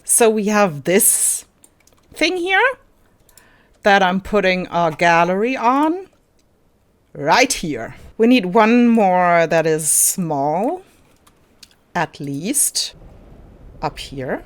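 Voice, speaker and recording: A woman giving casual commentary while playing a park-building game, thinking aloud, giggling and answering her own questions. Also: medium pitch. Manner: giggly and easily delighted. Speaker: gaming YouTuber.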